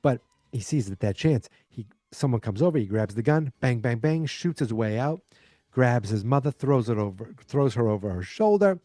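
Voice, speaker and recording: Mellow-voiced man rambling through a recap. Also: medium pitch, animated, normal speed, no room sound, clean studio sound. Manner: rambling, filler-heavy retelling. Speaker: podcast host. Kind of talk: casual episode recap.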